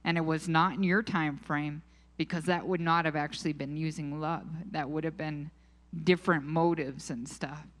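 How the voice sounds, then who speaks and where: A woman speaking to a church group, sharing personal faith stories in a conversational way and acting out quoted dialogue. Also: sits low.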